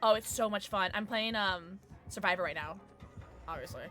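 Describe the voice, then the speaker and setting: A woman's voice: medium pitch, moderate pace, soft background music. A young woman livestreaming a game, chatting casually with her viewers and shrieking when she gets startled. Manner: excitable, shrieks at sudden scares, then chatty and apologetic. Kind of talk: live gameplay commentary chatting with viewers.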